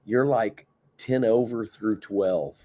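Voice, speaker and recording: A man's voice: lowish voice, takes it slowly, slight background noise. A man co-hosting a podcast, talking casually and laughing easily, with many "like" fillers. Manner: relaxed, laughs often, fillers like "like". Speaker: podcast co-host. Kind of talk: casual sports banter.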